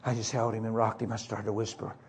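A middle-aged man preaching a sermon as a story, acting out the voices and swinging from soft whispers to high cries. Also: level tone, fast talker, a little hiss or hum.

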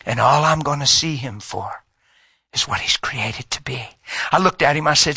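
A middle-aged man preaching a sermon, telling a personal story and swinging from loud, fast passages to hushed whispers. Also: mid-range voice, vocal fry, breathy edge, no room sound. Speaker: pastor. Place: church hall with audience.

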